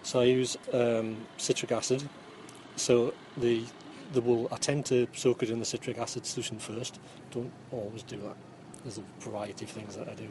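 Recorded on the interviewer's phone with background noise, a middle-aged Newcastle man speaks in a Geordie accent at normal speed, his mid-range voice showing little pitch movement. The yarn dyer and former chemistry teacher gives casual, rambling answers about his work, with dry humour and lots of ums.

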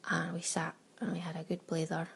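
A woman's voice: on the low side, completely flat delivery, a little fast, gravelly, a bit bright, slightly rough, rough recording. A Scottish woman chatting casually through a travel audio diary, laughing often and acting out little exchanges. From Scotland. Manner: chatty, laughing, breaks into quoted exclamations. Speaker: audio diarist.

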